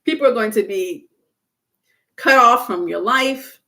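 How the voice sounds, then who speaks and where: A woman's voice: on the high side, measured pace, pushed and bright. A woman reads tarot on a casual live stream and talks right to her viewers. She is frank and chatty, and she drops curse words without a second thought. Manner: chatty and blunt, curses freely, laughs often. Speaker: tarot reader.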